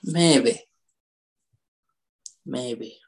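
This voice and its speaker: Slow-talking laid-back man. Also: medium pitch, vocal fry, breathy edge. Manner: laid-back, short agreeing replies. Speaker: podcast co-host. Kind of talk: casual chat.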